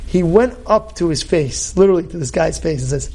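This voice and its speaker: Rabbi guy, pretty high voice, gets loud and emphatic, keeps asking questions. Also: fairly quick, few pauses, husky. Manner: emphatic, animated, loud outbursts and rhetorical questions. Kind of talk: Torah class.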